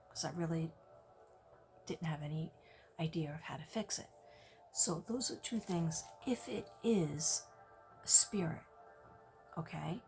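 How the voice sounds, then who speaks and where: Woman, psychic reader, low voice, soft and half-whispered, gently reassuring. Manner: soft-spoken, often dropping to a whisper; gently reassuring, checking in with "okay?". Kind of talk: one-on-one psychic reading.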